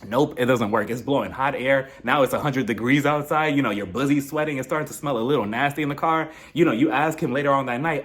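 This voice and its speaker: A man's voice: mid-range voice, quick pace, hardly any pauses. A man hosting his own channel, giving a casual, jokey recap of a reality show episode. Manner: animated, jokey, mimics cast members. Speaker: reality TV review YouTuber.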